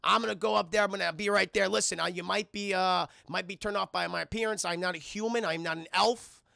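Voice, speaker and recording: A man voicing a slick, fast-talking male penguin hustler with salesman patter. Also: high-pitched, steady tone, creaky, sharp tone, no echo, clean studio sound, full character voice.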